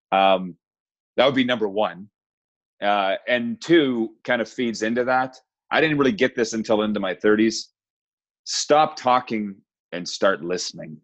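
A middle-aged man talking candidly as a podcast guest, telling stories about his past with self-deprecating honesty. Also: lowish voice. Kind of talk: casual podcast interview. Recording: dull lo-fi sound.

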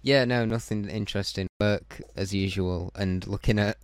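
A young man co-hosting a podcast, chatting casually in a low-key, understated way. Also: steady tone, normal speed, smooth, no echo. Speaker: podcast co-host. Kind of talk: casual chat.

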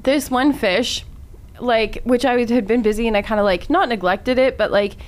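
Woman in her 30s, radio co-host, animated storyteller who keeps laughing, slightly high voice, close studio mic. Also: moderate pace. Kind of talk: casual studio chat. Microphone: studio microphone.

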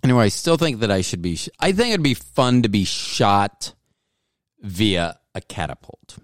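A man's voice: fairly low pitch, big pitch swings, moderate pace, dry recording. A male podcast host talking in a casual, rambling monologue full of self-mocking, jokey asides, close on the mic.

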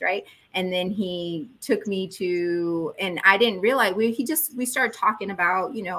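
A woman in her forties telling a personal story as a guest, acting out quotes with sudden jumps in pitch. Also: sharp tone. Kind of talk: personal storytelling in a podcast chat.

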